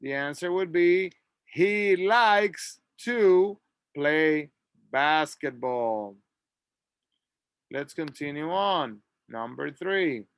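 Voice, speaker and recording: A man's voice: a little high, lively intonation, extremely slow, smooth, no room sound, clean studio sound. A man teaching an English lesson, patiently drilling words and asking listeners to repeat after him.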